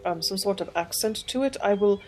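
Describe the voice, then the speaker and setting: A woman's voice: medium pitch, a little fast, a little hiss or hum. A woman hosting a game playthrough, chatting and giggling as she thinks aloud. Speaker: gaming channel host. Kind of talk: let's play commentary. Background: faint game music.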